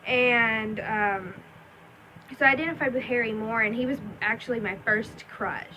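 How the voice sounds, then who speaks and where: A woman's voice: on the high side, moderate pace, background noise. A young adult woman telling a personal story in a rambling, chatty vlog with many ums and likes. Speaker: vlogger.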